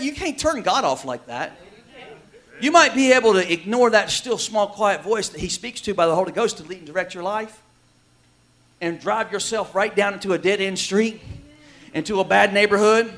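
A male pastor preaching a sermon in a folksy, emphatic way, shouting at the peaks and dropping quiet elsewhere. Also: sits high, animated, moderate pace.

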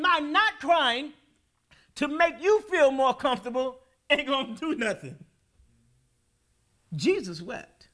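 A man preaching a sermon as pastor in a church, building to loud, shouted peaks. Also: very high-pitched, animated, slow, pauses often. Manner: preaching with rising, shouted peaks and call-and-response. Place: church sanctuary.

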